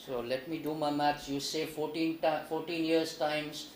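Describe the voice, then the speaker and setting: A man's voice: a little high, level tone, moderate pace, echoey room, slight background noise, poor audio. A man co-hosting a live TV talk show, reading out viewer questions and adding dry, wry remarks.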